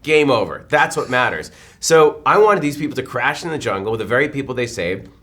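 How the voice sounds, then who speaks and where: Fast, animated man in an interview. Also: medium pitch. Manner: animated, quick storytelling with acted-out quotes. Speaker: film director. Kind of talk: press interview.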